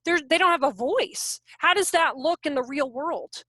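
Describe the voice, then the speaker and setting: A woman in her thirties presenting an online workshop on raising children. She talks in an animated way and keeps asking her audience rhetorical questions. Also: high-pitched, moderate pace, no room sound. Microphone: video call.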